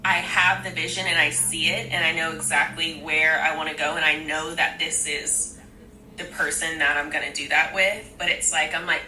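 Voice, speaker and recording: Woman, low pitch, tense bright edge, hesitant and emotional, roomy. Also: level tone, normal speed, slight background noise. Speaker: reality show participant. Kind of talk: confessional interview.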